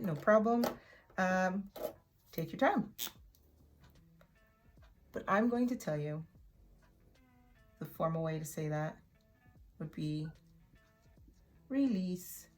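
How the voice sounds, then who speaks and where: A woman teaching an English vocabulary lesson in a chatty way, repeating words slowly for learners to echo. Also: medium pitch, expressive, darkish tone, faint music behind. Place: in Oklahoma.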